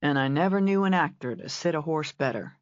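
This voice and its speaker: A woman doing a low, easygoing ranch man. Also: a little fast, no echo, lo-fi sound. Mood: relaxed. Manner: relaxed, understated, low.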